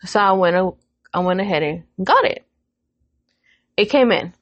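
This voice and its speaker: Her voice is lowish and her pace normal as this podcast co-host, a woman in her thirties, relays a family tale in casual conversation. She acts out everyone's quotes with animation and swears a lot. There's no echo, but the highs are cut off.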